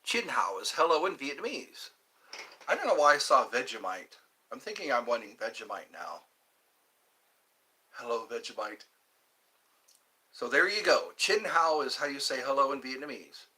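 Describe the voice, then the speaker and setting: A man hosting a casual livestream from home, chatting in a rambling, animated way and reading viewer comments aloud. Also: normal speed, long pauses. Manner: chatty, rambling, animated, with pitch leaps when greeting viewers. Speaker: livestream host.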